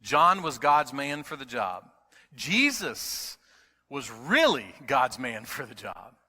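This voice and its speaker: A middle-aged man preaching a sermon as pastor. He is emphatic, repeats key words, and moves between quiet storytelling and loud preaching. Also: mid-range voice, very animated, slow. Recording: long hall reverb.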